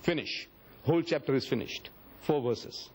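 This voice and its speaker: A man's voice: mid-range voice, expressive, normal speed, slight background noise. A man from Africa, giving a public religious lecture and acting out quoted speech with dramatic storytelling. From South Africa. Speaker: Islamic lecturer.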